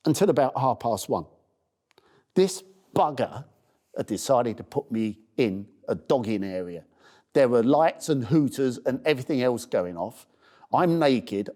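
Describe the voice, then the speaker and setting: A middle-aged man from the UK telling the story of his charity walk in a spoken diary, acting out the people he met. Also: mid-range voice. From United Kingdom. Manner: storytelling, animated voices for people he meets.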